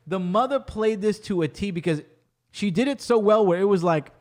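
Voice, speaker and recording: A young man hosting a podcast animatedly retells a movie in casual chat, acting out the characters' lines. His voice sits high, and he talks at a normal speed.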